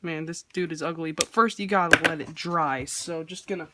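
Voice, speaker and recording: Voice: medium pitch, fairly even intonation, normal speed, heavy background noise. A person hosting a casual drawing tutorial, talking in a rambling, offhand and self-deprecating way while sketching. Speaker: art tutorial host.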